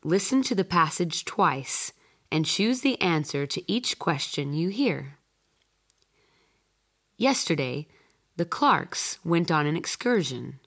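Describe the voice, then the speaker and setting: Woman reading an exam story, slow, lots of pitch movement. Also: a bit bright. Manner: slow and clearly enunciated. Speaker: test narrator. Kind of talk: scripted narration for a listening exam.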